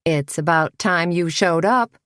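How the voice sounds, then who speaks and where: Woman doing a teasing, showy hairdresser guy, dry low read. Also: measured pace, fairly bright tone, no echo. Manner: teasing, theatrical. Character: flamboyant, teasing man hairdresser.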